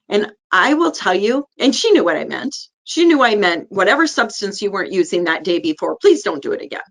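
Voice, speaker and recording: A woman's voice: medium pitch, fairly bright tone. A middle-aged woman, a neonatal nurse practitioner, earnestly telling a personal story in an interview. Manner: earnest, acts out the people in her story.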